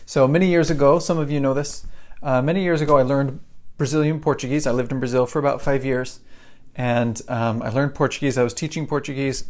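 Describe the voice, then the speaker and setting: A middle-aged man hosting a podcast, telling a personal story in a chatty, animated way and acting out his own reactions. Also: medium pitch, brisk. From United States. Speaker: podcast host and English teacher. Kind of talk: casual storytelling monologue.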